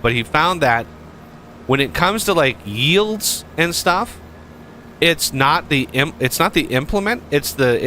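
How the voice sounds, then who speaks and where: Slow, lively-voiced man rambling over gameplay. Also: mid-range voice, slight background noise. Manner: rambling, full of fillers and restarts. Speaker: gameplay streamer. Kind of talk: casual gameplay commentary.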